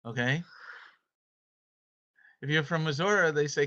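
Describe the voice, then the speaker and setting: Bright-voiced teacher on a lo-fi call. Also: medium pitch, a little fast. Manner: playful, calls on students by name. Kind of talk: online homeschool class with scripture reading. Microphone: video call. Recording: dull lo-fi call audio.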